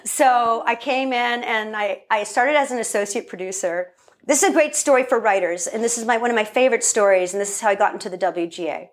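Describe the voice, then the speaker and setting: A woman guest in a casual interview, a lively storyteller who acts out quotes and laughs often. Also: a little high, brisk.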